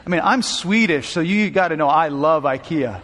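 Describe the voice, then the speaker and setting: High-voiced pastor telling a story in a reverberant hall. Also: male voice, lively intonation, moderate pace, a bit bright. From Southern California. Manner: emotional storyteller, restarts and rising intensity. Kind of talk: sermon storytelling.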